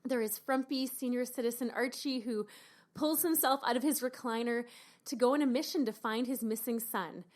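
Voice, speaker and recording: A woman author from Canada, talking in an animated, expressive way about her book in a radio interview. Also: a little high, moderate pace. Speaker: author guest.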